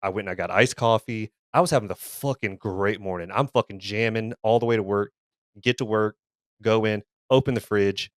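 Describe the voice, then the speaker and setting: A man's voice: on the low side, moderate pace, no room sound, studio quality. A man co-hosting a podcast, telling a workplace story casually, swearing often and restarting and repeating his words as he gets worked up. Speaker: podcast co-host.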